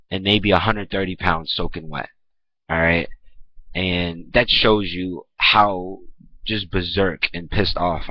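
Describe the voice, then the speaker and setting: A young man telling a personal story in a blunt, profane, conversational vlog, acting out what people said. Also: no echo. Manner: blunt, profane, conversational, acts out quoted lines. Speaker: vlogger. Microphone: camera mic. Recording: dull, muffled low-quality recording.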